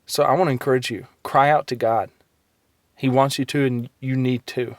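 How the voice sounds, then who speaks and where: A man giving a short devotional encouragement in an earnest, halting way with frequent ums and restarts. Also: medium pitch, fairly even intonation, no room sound, studio quality. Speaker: Christian encourager.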